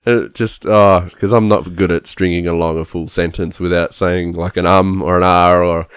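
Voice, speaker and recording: A man's voice: deep voice, fairly even intonation, normal speed, clean tone, dry recording. A man chatting on a podcast, recorded with a dry, close sound. He giggles easily and pokes fun at himself. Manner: self-deprecating, giggly. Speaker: podcast co-host. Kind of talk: casual chat.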